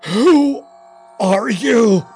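A man's voice: very high voice, expressive, extremely slow, dark tone, slightly rough, faint music behind, voice pushed up, exaggerated voice. A man doing a shrieking, anguished dying man. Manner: shrieking and screaming.

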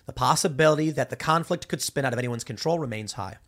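A man hosting a political commentary show, talking in an animated, rambling monologue with many restarts. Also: medium pitch, quick pace.

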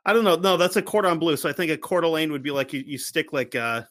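A man's voice: on the high side, quick pace, a bit bright. Crude joking man on a podcast. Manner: crude, joking, swears a lot. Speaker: podcast co-host. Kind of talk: casual podcast banter.

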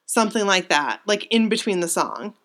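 A young woman co-hosting a casual chat, retelling a story in an excited, rambling and emotional way, full of fillers and restarts. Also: medium pitch, moderate pace. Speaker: co-host.

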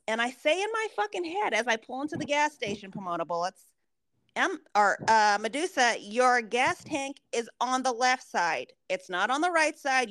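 A young woman co-hosting a podcast, telling a story in a profane, animated way. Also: on the high side, no room sound. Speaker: podcast co-host. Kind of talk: casual chat.

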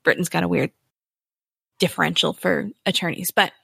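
A woman with a lawyer's background, chatting casually as a podcast co-host, animated and quick to laugh. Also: on the low side, vocal fry, breathy edge, dry recording, studio quality. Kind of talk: casual chat.

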